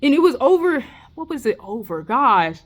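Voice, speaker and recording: A young adult woman telling a casual storytime vlog, gossiping in a profane, expressive way with slangy asides. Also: high-pitched, normal speed. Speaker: vlogger.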